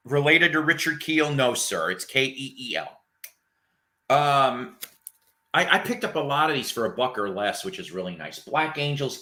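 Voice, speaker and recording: Bright-voiced man rambling about records. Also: mid-range voice. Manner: rambling, enthusiastic, swears casually. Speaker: host. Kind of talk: casual chat about records.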